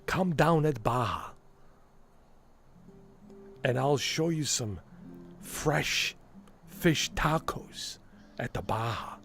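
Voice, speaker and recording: A man doing an impression of a boastful older ex-commando celebrity, talking in a slow, self-important drawl. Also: mid-range voice, lively intonation, a bit bright, soft background music, exaggerated voice.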